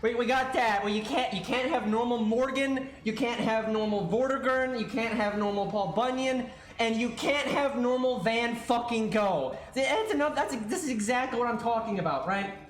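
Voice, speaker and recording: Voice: medium pitch, normal speed. Ranting streamer in a roomy echo. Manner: ranting, swearing, exasperated, stammering restarts. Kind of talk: livestream rant.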